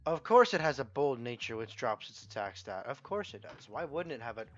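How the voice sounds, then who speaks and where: A young man narrates his own gameplay in a casual, excitable way. He swears freely and jumps from muttering to loud outbursts. The recording sounds a little muffled, with faint game music under his voice. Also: mid-range voice, brisk. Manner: excitable, profane, reacting loudly to the game. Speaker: gameplay commentator. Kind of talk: let's play commentary.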